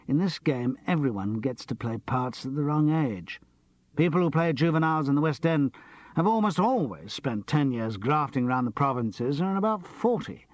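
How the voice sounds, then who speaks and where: A man's voice: a little high, no echo, natural voice. A man voicing a nervous, theatrical young actor with a camp, lightly mocking way of talking.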